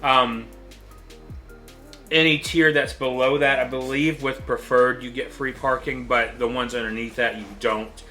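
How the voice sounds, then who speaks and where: Casting: chatty male vlogger, bright clear tone, mouth on fire from hot sauce, halting with ums. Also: medium pitch, little pitch movement, faint music behind. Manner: nervous, chatty, frequent ums. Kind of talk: casual vlog chat.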